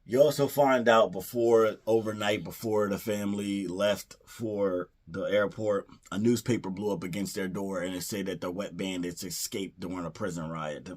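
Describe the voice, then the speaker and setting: A man's voice: low voice, steady tone, moderate pace, few pauses, darkish tone. A man reviewing a movie in a casual retelling, rambling with lots of fillers and restarts and briefly acting out the characters' lines. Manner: playfully acts out character lines.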